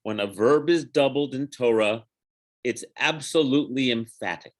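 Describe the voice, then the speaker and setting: A rabbi in a relaxed Torah study class, speaking at an unhurried, deliberate pace with a mid-range male voice. He drifts off on side remarks, slows down to chant Hebrew phrases and stops to correct himself as he works through the text. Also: mid-range voice.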